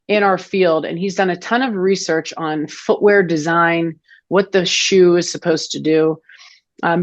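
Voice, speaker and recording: A woman in her forties speaks in a fairly low voice, explaining foot care in a relaxed, chatty way. She circles back with fillers and restarts as she thinks. Her sound is dull and lo-fi, as if over a remote call. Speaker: foot health clinician guest. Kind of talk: casual interview chat.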